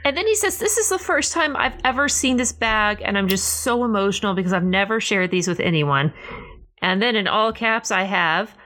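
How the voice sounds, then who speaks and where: Woman co-host, bright and forward tone, emotional, expressive chat. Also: moderate pace. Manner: emotional and expressive, big pitch swings. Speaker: podcast co-host. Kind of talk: casual chat.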